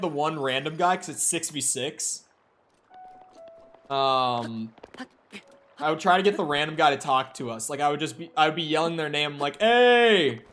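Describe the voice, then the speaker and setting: This streamer's voice is on the high side and fairly bright, with slight noise behind it. He chats casually with viewers as he games, rambling, joking and laughing a lot. He wears headphones and speaks through a headset or desk mic.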